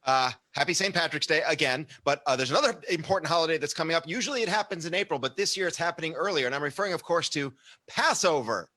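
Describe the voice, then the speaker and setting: A musical comedian on a video call, trading dry wisecracks before a song. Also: male voice, on the high side, lively intonation, fast talker, sharp tone. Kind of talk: comic banter before a song. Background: guitar.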